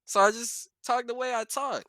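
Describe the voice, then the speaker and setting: A man's voice: extremely high pitch, fairly even intonation, normal speed, pushed and bright, no echo, clean studio sound. A young man from Baltimore, co-hosting a podcast in casual chat, rambling with restarts. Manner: rambling, restarts, laughs often. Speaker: podcast co-host.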